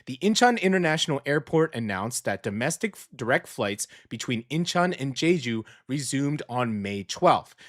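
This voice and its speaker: A man's voice: medium pitch, fairly bright tone. A man hosting a local radio show, chatting loosely through news with many fillers and restarts. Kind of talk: casual news chat. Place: small radio studio. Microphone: studio mic.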